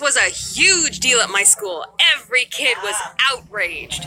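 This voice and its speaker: Bright, lively young woman storyteller. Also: a little high, a little slow, hardly any pauses, soft background music. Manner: lively, sarcastic and jokey. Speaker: animated storytime narrator. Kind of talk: scripted storytime narration.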